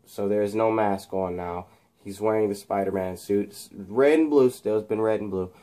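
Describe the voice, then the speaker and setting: A man's voice: lowish voice, normal speed, warm tone. A young man casually retelling a film scene in a rambling way, full of restarts. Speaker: video creator.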